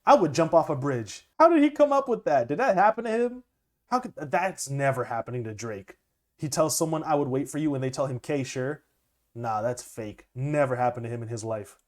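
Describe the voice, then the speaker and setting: A young man, a music producer, chatting casually and excitedly as he reacts to an album, laughing often. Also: mid-range voice, brisk. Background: music playing faintly.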